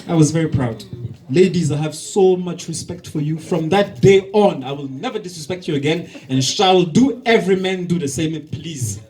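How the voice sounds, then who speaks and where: In a roughly recorded clip, a fairly high-pitched man emcees a comedy night in a bar and performs stand-up at a moderate pace. His storytelling is animated, packed with acted-out exchanges, while the audience laughs over faint bar sounds.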